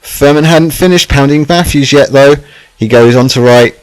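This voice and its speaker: A man's voice: mid-range voice, moderate pace, darkish tone, smooth, no room sound, soft background music, poor audio. A man narrating a scripted documentary in a sardonic way, with catty asides.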